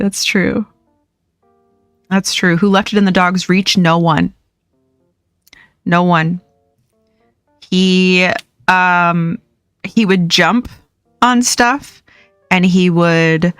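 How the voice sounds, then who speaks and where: A woman's voice: lowish voice, fairly bright tone, no echo, clean studio sound. A young woman hosting a livestream, chatting casually and rambling with frequent laughs while she plays. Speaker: livestream host. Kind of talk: casual chat while gaming.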